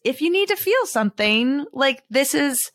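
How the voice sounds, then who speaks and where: A woman's high, fairly bright voice swings widely in pitch at a normal speed as she co-hosts a podcast, casually talking through a movie with frequent "like" fillers and playful ribbing. The sound is studio quality, with no room sound.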